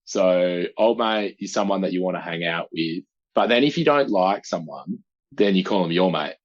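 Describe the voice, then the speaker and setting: A man's voice: low voice, normal speed, dull audio. An Australian man chatting as a podcast guest, laid-back and drawling, laughing easily. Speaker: podcast guest, deep-sea researcher. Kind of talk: casual chat.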